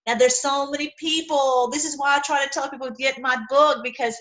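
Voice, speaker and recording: A woman's voice: sits high, steady tone, brisk, a bit bright, poor audio. Chatty woman teaching the Bible. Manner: chatty and rambling, acts out quoted people.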